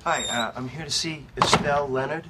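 An actor playing an eager, naive young actor who gets easily excited. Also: male voice, a little high, a little fast, loud music behind the voice, close to an everyday voice.

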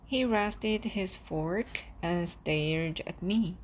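A woman narrates a first-person story in a calm, steady way. Her voice sits lowish and moves very slowly, with a faint bed of ambience behind it. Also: a little hiss or hum. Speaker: audiobook narrator.

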